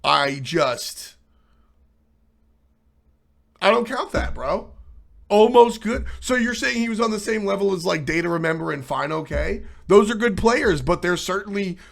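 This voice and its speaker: A man's voice: high-pitched, measured pace, vocal fry. A man hosting a casual livestream talk show about esports, talking bluntly and with swearing as he riffs and answers chat. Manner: animated, blunt and profane, riffing to chat.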